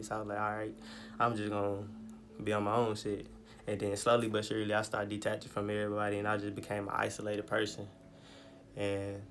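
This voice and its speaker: A young man in his twenties casually telling a personal story, full of slang and swearing, animated as he retells it. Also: fairly low pitch, vocal fry, slight background noise. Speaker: vlogger.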